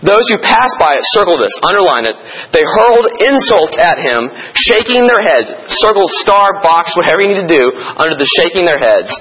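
A man's voice: sits high, very animated, normal speed, hardly any pauses, bright, forceful tone, husky, low-quality recording. A man teaching a Bible study, telling listeners which verses to underline and circle and explaining with rhetorical questions.

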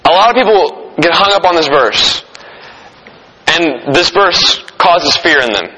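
A man's voice: on the high side, animated, unhurried, bright, forceful tone, husky, in a large hall, poor audio. A man preaching a sermon in a casual, conversational way, joking with his listeners. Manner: conversational, jokes with the audience.

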